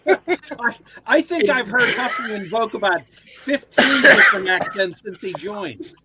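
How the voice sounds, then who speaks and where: A man speaking slowly and deliberately in casual chat on a video call. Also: extremely high pitch, expressive, crowd noise.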